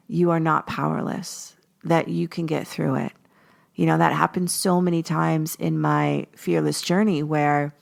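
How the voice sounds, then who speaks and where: Gravelly and on the low side, this Los Angeles woman in her forties hosts a podcast, relaying a personal story in a lively, casual way and performing her own past words.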